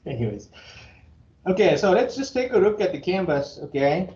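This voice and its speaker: A man's voice: sits high, very animated, measured pace, pauses often, darkish tone. A Japanese-accented man in his fifties lectures to a class, blunt and joking, with chuckles between his remarks. His voice carries through a reverberant room. The recording sounds somewhat dull and muffled. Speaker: engineering professor.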